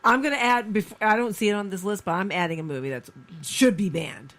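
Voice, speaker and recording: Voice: medium pitch, quick pace. A podcast co-host in a studio, chatting casually and animatedly, firing off questions. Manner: animated, asks many questions. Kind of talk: casual chat.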